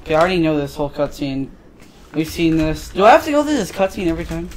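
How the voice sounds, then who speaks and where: High-voiced crude man commentating a game. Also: sing-song, fast talker, a little hiss or hum. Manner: crude, profane and offhand; loose running recap of the story. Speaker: let's play gamer.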